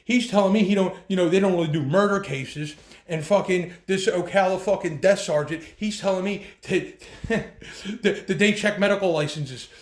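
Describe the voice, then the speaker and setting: A man's voice: high voice, moderate pace, echoey room. A man giving an agitated, profane, rambling account as a bereaved son, with many restarts. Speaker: bereaved son telling his story. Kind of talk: heated first-person account.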